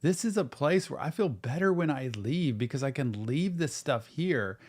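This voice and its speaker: A man's voice: on the high side, expressive, normal speed. A middle-aged man, a therapist hosting a music reaction show, talking to viewers in an earnest, encouraging way. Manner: earnest, encouraging, talks directly to viewers, says "y'all". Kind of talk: casual reaction-stream commentary.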